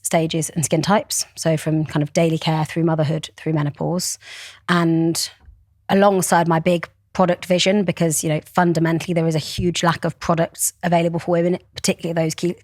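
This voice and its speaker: A woman's voice: lowish voice, dry recording, studio quality. A woman, a brand founder speaking passionately and articulately as a podcast guest. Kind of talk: podcast interview.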